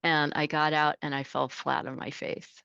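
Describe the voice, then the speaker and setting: A woman in her fifties, a truck driver, telling stories in a casual interview, animated and laughing as she acts out voices. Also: sits low, moderate pace, vocal fry, smooth, no room sound, lo-fi sound.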